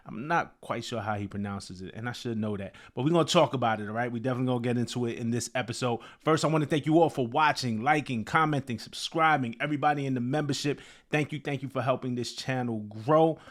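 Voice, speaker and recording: A man hosts his own show and talks through a new release in a relaxed, off-the-cuff way. He circles back and restarts his sentences often, with plenty of fillers. His voice sits at an ordinary middle pitch for a man. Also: fast talker, hardly any pauses. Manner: loose, conversational, many fillers and restarts. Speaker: host. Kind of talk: casual commentary on a music release.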